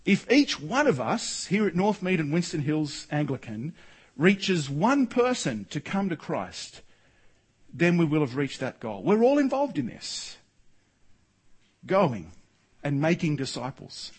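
A man's voice: a little high, big pitch swings, a little slow, husky, rough recording. A man preaching a sermon as a pastor, earnest and emphatic, with rhetorical questions. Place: church.

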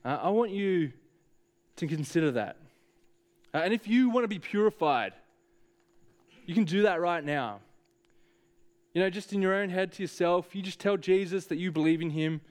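A man's voice: high-pitched, moderate pace, pauses often, darkish tone. A man preaching a sermon, speaking earnestly and directly to the congregation with frequent hesitations.

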